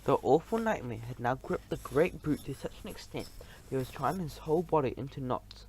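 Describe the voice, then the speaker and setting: A man narrating a children's story in an expressive, animated way, with small slips. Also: mid-range voice, a little fast, hardly any pauses, a little hiss or hum. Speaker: audiobook reader.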